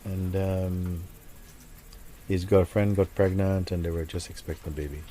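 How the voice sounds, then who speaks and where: A man, a spiritual teacher, telling a story to listeners in a reflective, soft-spoken way that often sinks almost to a whisper. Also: low voice, level tone, normal speed, a little hiss or hum.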